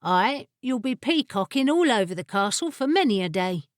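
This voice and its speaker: A woman's voice: fairly high pitch, very animated, moderate pace, no echo, studio quality. A woman voicing a blunt, disgruntled female magical familiar in an audiobook. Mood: tart. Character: sardonic female magical familiar creature, tart-tongued.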